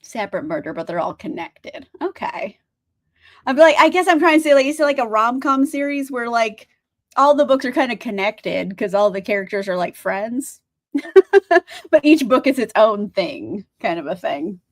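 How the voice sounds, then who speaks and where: A woman's voice: a little high, expressive, moderate pace. A young woman streamer chatting casually about books, rambling, laughing often and filling her talk with "like," a bit tired. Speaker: book streamer. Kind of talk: casual livestream chat.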